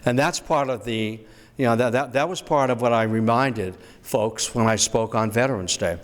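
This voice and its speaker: A man giving a public history lecture in a storytelling manner, slowing down to recite quotations. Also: mid-range voice. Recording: echoey hall.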